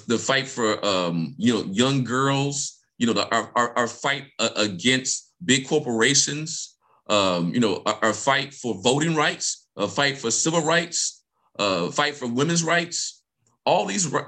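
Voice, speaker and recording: A man's voice: mid-range voice, animated, unhurried, bright, forceful tone. A man speaking as a guest presenter, delivering a passionate talk with emphatic, repeated phrases and frequent check-ins like "right?".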